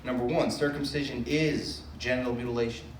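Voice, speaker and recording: A man's voice: medium pitch, steady tone, fairly quick, slight background noise. A man from the Boston area doing a stand-up comedy set, loose and self-mocking, riffing with the crowd. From Brookline, Massachusetts. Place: comedy club stage. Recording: echoey room from a distant mic, faint crowd ambience.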